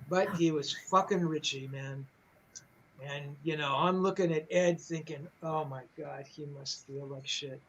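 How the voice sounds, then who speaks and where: A man's voice: on the high side, steady tone, unhurried, a bit bright, rough recording. An older man, a rock journalist, telling a backstage story in casual, rambling talk, full of swearing, fillers and restarts.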